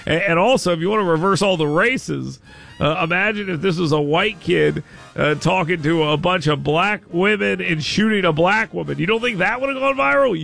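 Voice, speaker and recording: Gravelly man hosting a news rundown. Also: on the high side, faint music behind. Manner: animated, exclaiming, quick restarts. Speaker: show host. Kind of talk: casual news commentary.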